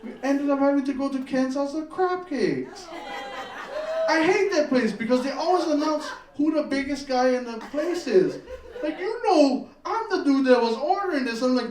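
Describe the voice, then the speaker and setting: A man telling a profane, animated story in a stand-up comedy set on a club stage. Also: very high voice, moderate pace, echoey room, distant mic.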